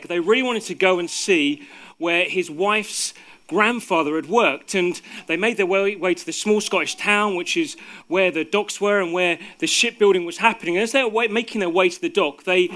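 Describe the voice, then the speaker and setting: Bright high-voiced male storyteller. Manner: unhurried storyteller with hesitant fillers, dropping soft for suspense. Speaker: speaker. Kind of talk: storytelling talk.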